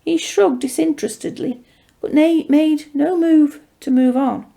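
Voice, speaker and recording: A woman author reading her own fantasy story aloud in a measured, steady way. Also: sits high, gravelly. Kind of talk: storybook narration.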